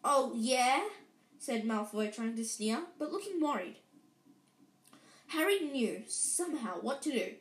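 A woman reading a children's story aloud in a lively way, with frequent slips and restarts. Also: a little high, unhurried. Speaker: reader. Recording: roomy echo.

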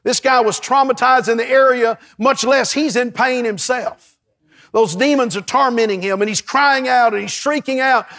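A man preaching with a strikingly high voice, fervent and rising to shouts at his peaks. He sounds middle-aged and calls out to the congregation as he preaches. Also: moderate pace. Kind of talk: sermon.

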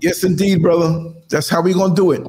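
A man in his sixties hosts a live stream from under studio lights. His voice sits fairly high, and he talks in an emphatic, motivational way. He often reaches for fight talk. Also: steady tone, fairly quick, mellow, slight background noise. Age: 60s. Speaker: live show host.

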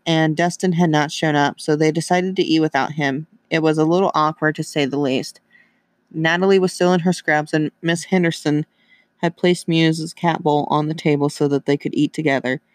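A man narrating a story in a steady, even reading voice. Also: on the high side, no echo.

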